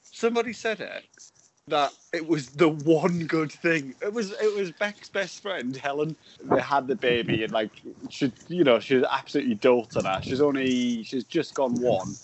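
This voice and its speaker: A man's voice: mid-range voice, normal speed, hardly any pauses, a little hiss or hum. A man, co-hosting a podcast in casual chat, laughing often and mocking himself. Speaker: podcast co-host.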